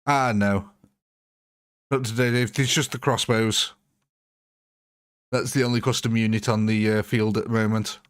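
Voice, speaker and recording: A man's voice: fairly low pitch, steady tone, moderate pace, long pauses, clear, resonant tone. A man streaming a game live, chatting and joking while he answers viewers by name. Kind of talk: live gameplay commentary answering chat.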